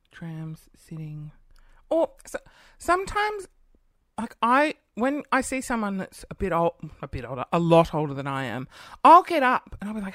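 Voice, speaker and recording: A woman's voice: low voice, pushed and bright, no room sound, clean studio sound. A thirty-year-old woman hosting a podcast, ranting in an exasperated, casual monologue full of swearing and acted-out scenes, talking at home by her computer. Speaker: podcast host.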